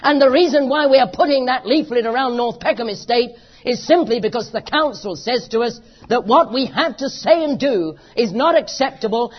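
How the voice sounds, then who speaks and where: A preacher with a British accent delivering an impassioned, emphatic sermon full of repeated phrases. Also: mid-range voice. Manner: impassioned, emphatic, repetitive rhetoric. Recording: dull lo-fi recording.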